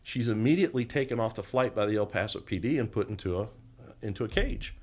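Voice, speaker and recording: A middle-aged man, a former federal agent appearing as a podcast guest, tells a long story and animatedly acts out the quoted lines of the people in it. He speaks fast in a lowish voice.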